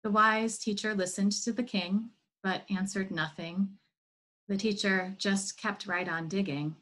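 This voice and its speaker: A woman's voice: mid-range voice, fairly even intonation, unhurried, a bit bright, low-quality recording. Woman reading a parable aloud. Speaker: worship leader. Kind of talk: storytelling in an online service.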